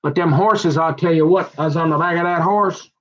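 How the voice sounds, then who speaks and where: A man's voice: on the high side, brisk. A man, talking in a rambling, folksy casual monologue that repeats itself and wanders. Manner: folksy, meandering, repeats himself. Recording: dull lo-fi sound.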